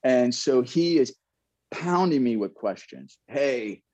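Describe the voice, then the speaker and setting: A man's voice: medium pitch, animated, takes it slowly, warm tone, husky, no echo, highs cut off. A man, a former ballplayer, reflecting in a casual interview and telling stories with frequent laughs and restarts. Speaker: guest, former pro baseball player.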